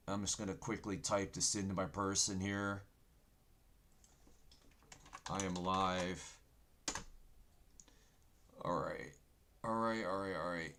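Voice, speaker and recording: A man's voice: deep voice, a bit bright. A man hosting a casual livestream from his computer, talking in a folksy, rambling way, calling his viewers folks and preaching insistently about the Bible, with keyboard typing behind him. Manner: folksy, rambling, says "folks" and "okay" often; preachy, insistent on biblical points. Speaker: livestream host.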